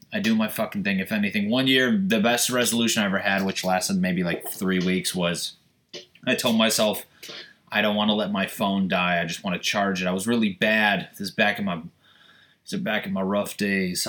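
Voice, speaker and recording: A young man talks alone into his podcast mic at home, his voice sitting a little low. He rambles from one thing to the next with swearing and jokes. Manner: loud, profane, rambling and joking. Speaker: podcast host. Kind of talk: casual solo podcast rant. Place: home, seated on a squeaky chair.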